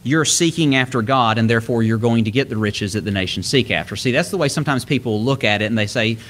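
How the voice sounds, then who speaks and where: A man's voice: medium pitch, fast talker, a bit bright. A middle-aged man preaching a sermon, explaining scripture earnestly and lifting his voice when he quotes it.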